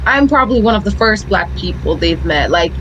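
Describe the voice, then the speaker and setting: A young woman from Jamaica with a Jamaican accent, teaching English in Japan, chatting in a lively, profane storytelling manner. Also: medium pitch, a little fast, lo-fi sound, a little hiss or hum. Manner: animated storyteller, swears freely, mimics others. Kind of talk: casual podcast chat.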